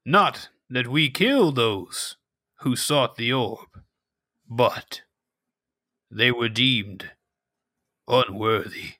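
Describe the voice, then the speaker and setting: A solemn underground villager, as a man puts him on in a tabletop game, dragging out each broken phrase. The voice is bright and forward. The sound is dry and close. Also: medium pitch, no room sound, exaggerated voice. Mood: ominous. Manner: slow, halting, ominous broken speech. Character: solemn male cave villager speaking broken English.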